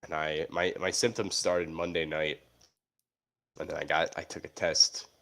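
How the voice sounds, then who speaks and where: A man's voice: very deep voice, little pitch movement, moderate pace, fairly bright tone. A young man co-hosting a casual sports podcast from home, sounding stuffy and tired from being sick, telling wry, self-mocking stories. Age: young adult. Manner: wry, self-mocking storyteller with frequent laughs. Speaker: podcast co-host.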